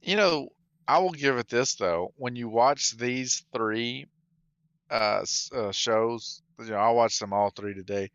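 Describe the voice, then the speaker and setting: A man's voice: medium pitch, unhurried, a bit bright, clear, resonant tone, no echo, muffled recording. A man co-hosting a live-stream podcast, chatting casually with wry, critical humour. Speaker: podcast co-host.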